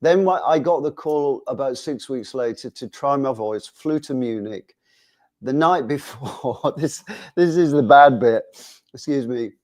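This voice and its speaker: A man's voice: mid-range voice, a little slow, a little mellow. A man in his sixties, a musician guest in an interview, telling chatty anecdotes and acting out what people said. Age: 60s. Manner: chatty anecdotal, acts out quotes. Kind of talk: casual interview storytelling.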